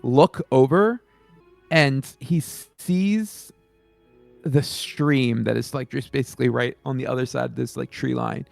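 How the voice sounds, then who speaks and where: A man's voice: medium pitch, expressive, measured pace, vocal fry, darkish tone, no echo, faint music behind. A man narrating a tabletop game as game master in a loose, casual way.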